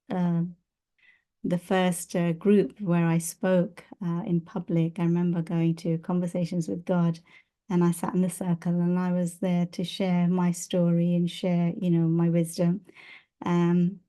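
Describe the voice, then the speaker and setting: A woman who is a spiritual teacher and video host shares personal stories in a casual, chatty way, full of fillers, restarts, and laughs. Her voice is fairly low-pitched with a dark tone.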